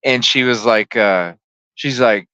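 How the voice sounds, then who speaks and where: A podcast host who lived in Chicago tells a story casually and animatedly, swearing and acting out the voices. His medium-pitched voice is slow, sharp, clear and resonant, recorded lo-fi with no echo.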